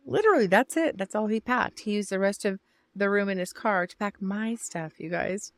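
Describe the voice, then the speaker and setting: A woman's voice: medium pitch, expressive, brisk, dry recording. An older woman telling a personal story to camera in a chatty, emotional way, talking straight to her viewers. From Northern California. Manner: chatty and emotional, addresses viewers as "you guys" and "y'all". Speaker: vlogger.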